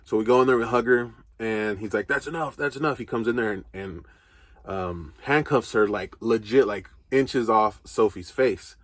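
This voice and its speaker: A young man telling a painful family story in a casual, halting way, full of fillers and restarts. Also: fairly low pitch, no room sound, studio quality. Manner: casual, halting, filler-heavy, choked with emotion. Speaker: vlog co-host. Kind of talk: emotional storytelling.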